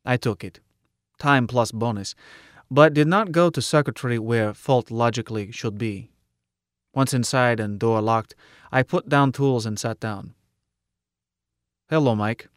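A man's voice: mid-range voice, a little slow, no room sound. Clipped, dry-voiced male audiobook narrator. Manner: clipped, drops articles. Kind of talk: first-person scripted narration.

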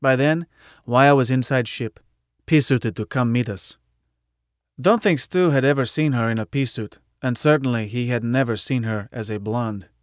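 A man reading a science-fiction audiobook in the first person in a steady, matter-of-fact way. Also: mid-range voice, normal speed, no room sound, studio quality. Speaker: audiobook narrator.

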